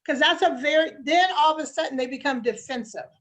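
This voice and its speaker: Mom and life coach with a high voice, acts out what she tells her kid. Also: fast, fairly bright tone. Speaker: mother and life coach guest. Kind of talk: animated advice talk.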